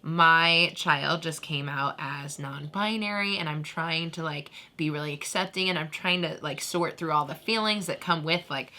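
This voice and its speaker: A woman's voice: low-pitched, moderate pace, few pauses, pushed and bright. A young woman co-hosting a podcast in casual chat, talking loosely with many "like" fillers. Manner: chatty, lots of "like" fillers. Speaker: podcast co-host.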